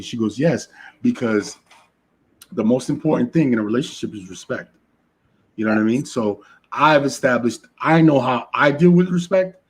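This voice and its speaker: Husky-voiced man telling relationship stories. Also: medium pitch, animated, normal speed. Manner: storytelling, frequent "right?" asides. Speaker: podcast co-host. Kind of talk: casual relationship talk.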